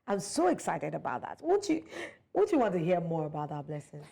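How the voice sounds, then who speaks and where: A woman's voice: deep voice, very animated, a little fast, creaky, warm tone, slightly rough. A woman co-hosting a studio talk show, bubbly and sing-song.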